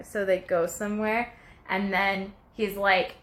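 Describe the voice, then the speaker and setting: A young woman vlogging at home, chatting casually and telling goofy stories in a playful, animated way. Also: mid-range voice, normal speed. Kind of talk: casual chat, playful storytelling.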